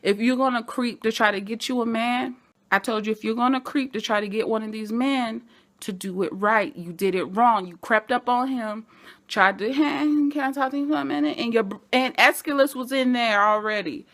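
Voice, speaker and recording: A woman recapping a TV episode in a casual vlog, animated and chatty, talking straight to her fellow fans. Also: a little high, moderate pace. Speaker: TV show reviewer.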